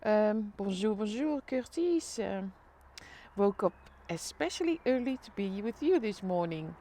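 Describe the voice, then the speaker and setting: A woman's voice: mid-range voice, unhurried, slight background noise. A middle-aged woman, chatting casually on a live stream, greeting viewers by name and reading out their comments. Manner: chatty, reads viewer comments aloud, bursts into excited squeals. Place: home by a window overlooking a city street.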